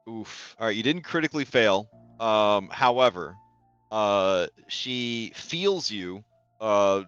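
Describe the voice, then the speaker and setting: Low-voiced laid-back game master. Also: male voice, fairly bright tone, dull audio. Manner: laid-back, jokey, swears casually. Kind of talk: narrating a tabletop game.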